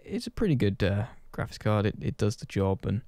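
A man's voice: fairly low pitch, big pitch swings, fairly quick, dark tone, no room sound. A man chatting casually to his channel's viewers, rambling and self-deprecating, swearing offhand. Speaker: gaming channel host. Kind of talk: casual chat to camera.

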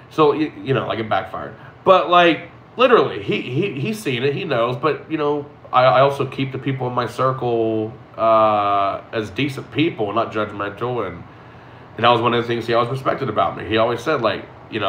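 A man's voice: medium pitch, sing-song, brisk, a bit bright, slight background noise. Candid man talking in an echoey room. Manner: candid, rambling, with frequent restarts and profanity. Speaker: streamer. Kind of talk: casual reflective monologue.

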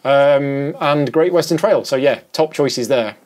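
A man's voice: medium pitch, measured pace, noisy background. A man hosting a board game podcast in casual chat, talking with many restarts and fillers. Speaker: podcast host.

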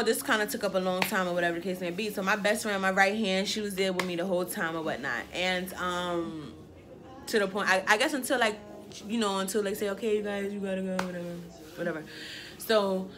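Young woman, storytime vlogger, dramatic and chatty, middle pitch. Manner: dramatic, animated storytelling with lots of filler phrases. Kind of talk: casual storytime chat.

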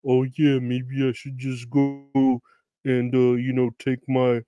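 A man's voice: medium pitch, little pitch movement, slow, music in the background, natural voice. A man doing an impression of a male movie star, with a lazy, slurred, teasing drawl.

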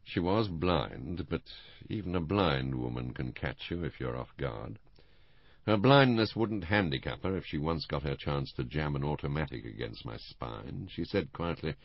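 A man narrating an audiobook in the first person, measured and steady. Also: rumbling low, creaky, dry recording, muffled recording.

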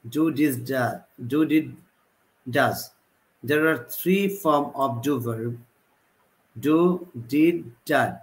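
A man teaching a live online class, repeating example sentences with a halting delivery. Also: medium pitch, rough recording. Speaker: English teacher.

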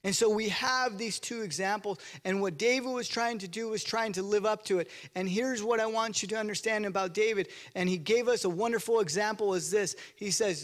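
A man's voice: high voice, brisk, few pauses, fairly bright tone. A male pastor preaching a sermon in church, telling the story conversationally and acting out the quotes.

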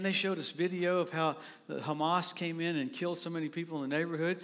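A middle-aged man preaching a sermon, excitable and quick to laugh, now and then breaking into shouts. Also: fairly high pitch. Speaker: pastor.

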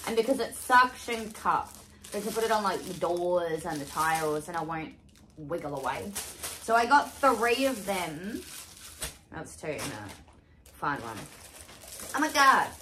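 Bright-voiced young woman, gushing. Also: fairly low pitch, unhurried, long pauses. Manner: excitable, swears freely, exclaims often. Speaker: vlogger. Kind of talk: casual haul unboxing chat. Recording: echoey room with faint hiss.

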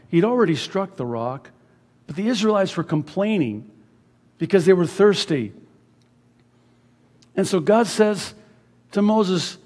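A man preaching a sermon as pastor, dropping to hushed words and rising to loud emphasis. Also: a little high, animated, a little slow, long pauses, in a large hall. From USA. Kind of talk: expository sermon. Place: church sanctuary.

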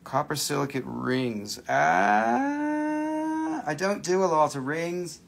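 A man's voice: on the high side, normal speed, gravelly. A man chatting casually on a home livestream while selling gems, rambling, swearing and laughing easily. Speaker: livestream gem seller. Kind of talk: casual live-selling chat.

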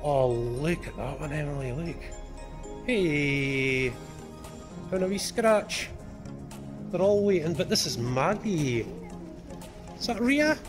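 A woman's voice: low voice, lively intonation, slow, pauses often. A woman chatting casually while filming at a riding stable, cooing at the horses and encouraging her child with lots of tag questions. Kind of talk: casual vlog chat. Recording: music playing over the voice.

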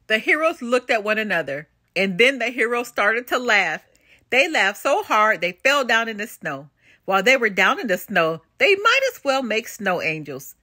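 An older woman narrating a children's picture book in an expressive, animated read-aloud style. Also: a little high, no echo, studio quality. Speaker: storybook reader.

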